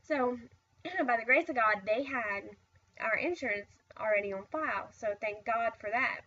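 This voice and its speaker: A woman's voice: on the high side, normal speed, bright, forceful tone, distant mic, lo-fi sound. Tired woman rambling through her story. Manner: tired, rambling, frequent "I was like" asides. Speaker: vlogger. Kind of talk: casual personal storytelling.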